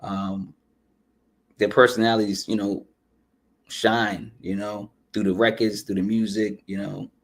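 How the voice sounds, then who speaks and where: Low-voiced man chatting through a review. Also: flat delivery, a little slow. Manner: loose and chatty, full of shout-outs and asides, often saying "you know what I'm saying". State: runny nose. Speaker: podcast host reviewing an album. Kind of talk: casual music review chat.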